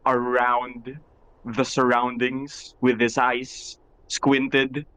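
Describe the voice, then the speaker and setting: A man playing a tabletop game, describing his character's actions in a relaxed way. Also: medium pitch, extremely slow, clear, resonant tone, poor audio. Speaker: player. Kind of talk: tabletop role-play.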